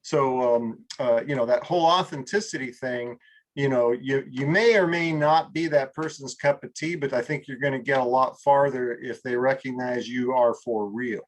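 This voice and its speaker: A man from California leading a group coaching call in a casual, rambling way, full of fillers and restarts, a little tired. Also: medium pitch. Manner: rambling, many fillers and restarts, acts out slow drawled examples. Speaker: group mastermind leader.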